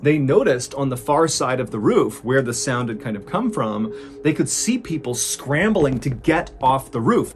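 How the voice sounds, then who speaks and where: A man narrating a true story in a dramatic, suspense-building way, lifting his voice at the tense moments. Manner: suspenseful, builds tension, rises in pitch at exciting moments.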